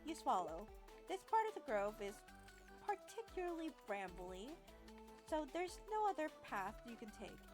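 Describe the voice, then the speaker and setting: Lively woman reading a game aloud. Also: medium pitch. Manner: playful, chatty, says "lol" aloud, stumbles over words while reading. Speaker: gaming video host. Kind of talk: reading a text adventure aloud with casual commentary.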